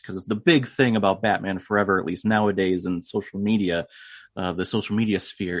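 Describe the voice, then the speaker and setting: A man with a lowish voice hosts a podcast and walks the listener through things casually. His voice is dry and close, with no room around it. The sound is a little dull and lo-fi. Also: no echo. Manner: explanatory, talks straight to the listener. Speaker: podcast host.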